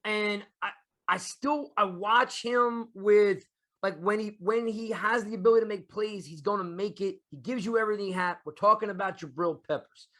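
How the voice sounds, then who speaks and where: A man's voice: sits high, moderate pace, fairly bright tone. A man hosting a casual sports podcast, talking in a rambling way with many restarts. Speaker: podcast host.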